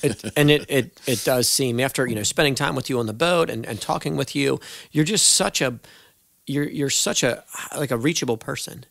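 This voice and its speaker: Earnest young man with gravelly voice. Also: mid-range voice, moderate pace, a bit bright, no echo, studio quality. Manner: earnest, affirming, rambling questions. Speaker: podcast host. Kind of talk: casual interview chat.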